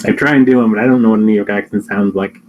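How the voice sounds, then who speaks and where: A man's voice: fairly low pitch, steady tone, rapid-fire, a crowd in the background, rough recording. A man co-hosting a casual chat, summarizing at length with a rambling, hesitant manner. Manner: rambling, hesitant, many ums and likes. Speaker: podcast co-host.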